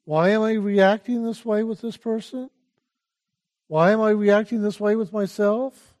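An older man giving a calm, unhurried spiritual talk as a teacher, urging listeners to pay attention again and again. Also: high voice.

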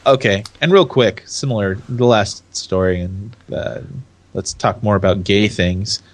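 A young man with a lowish voice chats casually on a podcast. He rambles, stops and restarts, and breaks into laughter now and then. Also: a little slow. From California. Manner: rambling, self-interrupting, laughs often. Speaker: podcast co-host. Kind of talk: casual chat.

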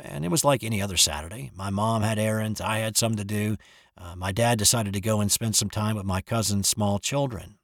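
A man reading a first-person ghost story aloud in an expressive, dramatic way. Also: on the low side, no room sound, clean studio sound.

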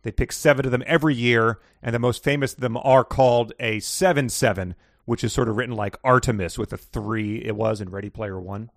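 A man's voice: medium pitch, fairly even intonation, brisk, hardly any pauses, no room sound, clean studio sound. A man co-hosting a casual book podcast, talking in a wry, rambling way with frequent laughs. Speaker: podcast co-host.

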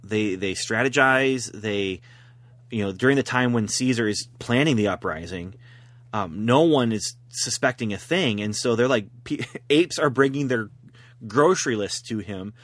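A man's voice: on the low side, moderate pace, a bit bright, no room sound. A man rambling through a story in casual chat as a podcast host, laughing at his own jokes.

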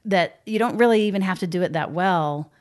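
A woman co-hosting a podcast, explaining ideas in a calm, reflective and self-critical way. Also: medium pitch, fairly quick. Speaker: podcast co-host. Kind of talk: casual podcast conversation.

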